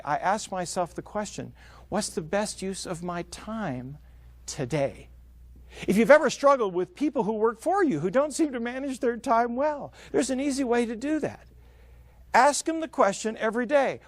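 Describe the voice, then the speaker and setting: A man giving an energetic motivational talk on time management, acting out quoted voices as he goes. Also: sits high. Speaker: business speaker.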